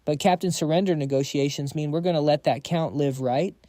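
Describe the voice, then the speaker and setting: An impatient, hot-headed young mercenary, blunt and irritable, as a man reads him. The tone is dark and mellow, with a dry, close sound. It is part of a comic recap. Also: on the high side, fairly quick, no room sound, lightly acted. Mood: annoyed. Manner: annoyed, blunt.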